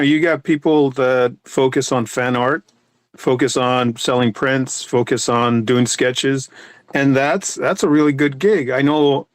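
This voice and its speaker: A comic artist talking in a casual podcast chat, rambling with many restarts and fillers. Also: male voice, mid-range voice, dry recording.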